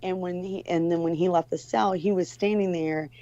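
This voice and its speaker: A woman with a deep, low speaking voice tells a story in a loose, rambling way, circling back with restarts and fillers. The sound is close and dry. The recording is dull and lo-fi. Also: steady tone, moderate pace, warm tone, no echo. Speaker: guest. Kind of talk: casual storytelling.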